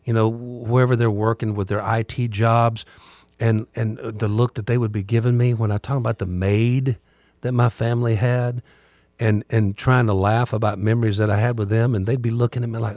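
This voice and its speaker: Guy, middle-aged, thinking out loud on his podcast, dry close sound. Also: mid-range voice, little pitch movement, moderate pace, no room sound. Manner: conversational, candid, musing. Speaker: radio host and podcaster. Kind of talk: reflective monologue.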